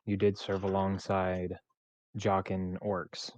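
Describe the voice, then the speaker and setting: A man's voice: low voice, monotone, takes it slowly, a little mellow. A man playing a character in a tabletop game, talking casually and hesitantly with fillers. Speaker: player. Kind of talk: tabletop role-play chat.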